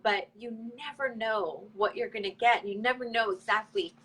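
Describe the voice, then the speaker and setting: A woman's voice: fairly high pitch, moderate pace, fairly bright tone, breathy edge, poor audio. A woman hosting a casual interview, asking questions conversationally. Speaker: host.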